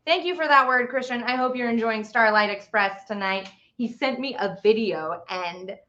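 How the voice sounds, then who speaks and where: A woman's voice: sits high, bright, forceful tone, reverberant, lo-fi sound. A woman hosting a casual live stream, chatting with viewers and reading out their comments. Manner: chatty, reads out viewer comments, stumbles over long words. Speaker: livestream host.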